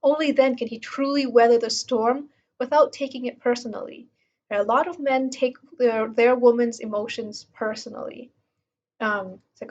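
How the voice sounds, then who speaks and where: A woman's voice: a little high, steady tone, moderate pace, darkish tone, muffled recording. A woman reading passages from a self-help book aloud and commenting on them in a casual way, with many fillers. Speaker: book reviewer.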